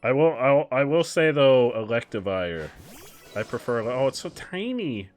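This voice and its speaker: A young man streaming a game, chatting casually, switching between muttered asides and loud excited outbursts. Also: medium pitch, a little slow, faint music behind. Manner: excitable, shifts from mumbling asides to loud exclamations. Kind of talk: casual live-stream commentary while gaming.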